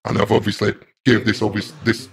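Male interview guest, low-pitched, repetitive storyteller, noisy crowd in the background. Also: completely flat delivery, a little fast, gravelly. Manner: rambling and repetitive, grows loud and agitated. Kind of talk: casual first-person storytelling.

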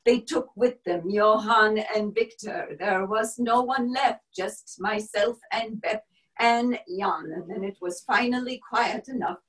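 A woman performing a first-person dramatic monologue as a brave wartime helper, grave and measured, sometimes dropping to a hushed whisper. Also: mid-range voice, rough recording. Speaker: stage performer.

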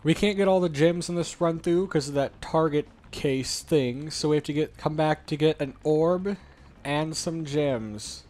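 Male gaming host, playful and silly, affected light British tone, unhurried delivery. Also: fairly high pitch, darkish tone. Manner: playful, joking, mock-posh slightly British affectation. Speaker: let's play host. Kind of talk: casual gameplay commentary.

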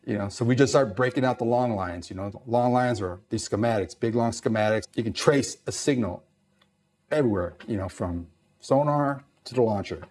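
A man's voice: medium pitch, normal speed. A man from East Los Angeles, a Navy veteran, telling stories in an interview and acting out the dialogue. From East Los Angeles, USA. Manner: animated storyteller, acts out dialogue, lots of "you know". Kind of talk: storytelling interview.

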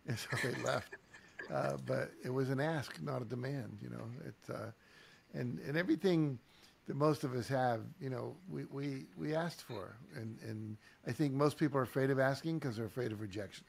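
A man's voice: medium pitch, moderate pace, creaky, slightly rough. A man hosting a podcast interview, talking in a reflective, storytelling way with many "you know"s. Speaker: podcast host. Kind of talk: conversational interview.

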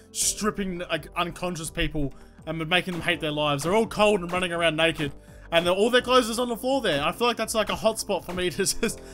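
A woman giving excitable, swear-filled let's-play commentary, talking to herself and the game. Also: fairly low pitch. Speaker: gaming YouTuber. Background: game music.

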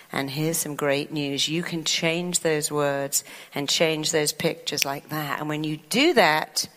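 A woman with a fairly low voice gives an animated motivational talk to an audience, slipping into little acted voices for the mind. Her voice trails off in the long reverb of a large hall. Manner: animated, acts out the mind's voice in quoted lines. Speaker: motivational speaker.

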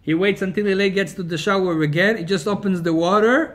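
A male rabbi giving a Torah lesson, telling stories in an animated way that swings between loud and quiet. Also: high voice, fast talker. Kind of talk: Torah lecture storytelling.

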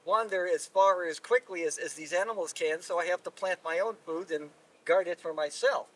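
A man's voice: high-pitched, a little fast, fairly bright tone, husky. A man voicing the first man, defensive and pleading for his survival. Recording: distant mic at live telling.

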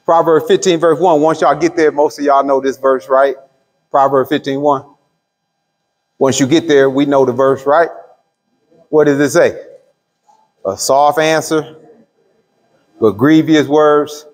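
A middle-aged pastor teaching a Bible study, asking the room questions and drawing out key words. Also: male voice, a little high, fairly even intonation. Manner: call-and-response questions to the room; drawls key words slowly. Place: church hall. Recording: long hall reverb.

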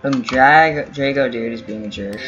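This gaming YouTuber talks at a measured pace in a medium, somewhat bright voice, rambling to himself as he plays and pleading with and teasing other players. The audio is dull and lo-fi, with keyboard clatter and faint game music in the background.

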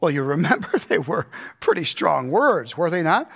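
Male pastor, fairly high voice, emphatic conversational sermon delivery, keeps checking in with the room. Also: sing-song, normal speed, creaky, fairly bright tone, husky. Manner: emphatic, conversational, asks the congregation rhetorical questions. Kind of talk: verse-by-verse Bible teaching sermon. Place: church.

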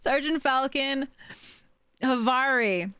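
A woman's voice: high-pitched, slow, pushed and bright, clear, resonant tone, dry recording, studio quality. A woman streaming live, thanking viewers for gifted subs by name, emotional and laughing often. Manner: emotional and giggly, reading out names.

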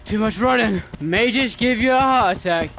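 A man's voice: high voice, normal speed, creaky, a bit bright. A man playing a horror game, screaming, swearing and begging for help as he goes. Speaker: gaming YouTuber. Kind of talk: panicked horror gameplay commentary.

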